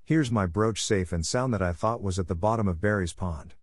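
A man voicing a stern, strict middle-aged farm woman in an audiobook, brisk and scolding. The recording is dry and close. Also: low voice, no room sound. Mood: bewildered. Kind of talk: audiobook character reading.

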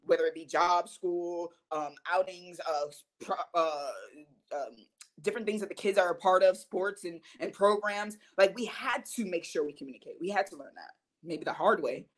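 A woman in her thirties hosting a podcast, giving an earnest motivational talk with emphatic swings between soft and loud. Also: on the low side, moderate pace. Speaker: podcast host.

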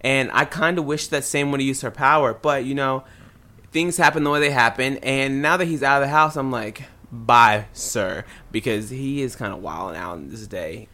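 A man's voice: mid-range voice, normal speed, sharp tone. A man hosting a podcast, chatting casually about a reality show in a sassy, emphatic way. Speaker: podcast host. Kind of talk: casual gossip chat.

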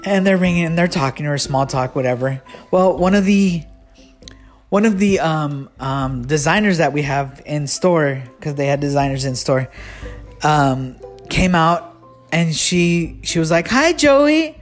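A man's voice: on the high side, a little slow, faint music behind. A man telling a casual storytime anecdote, rambling and restarting often, laughing at his own story.

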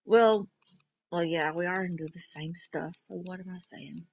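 A woman's voice: lowish voice, moderate pace, creaky, a crowd in the background. A woman from North Carolina with a Southern accent, rambling and giggling in a casual group voice chat and calling people darling.

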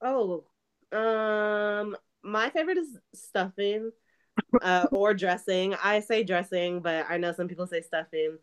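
A woman co-hosting a casual podcast chat in a playful, relaxed way. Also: medium pitch, slow, clean tone. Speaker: podcast co-host.

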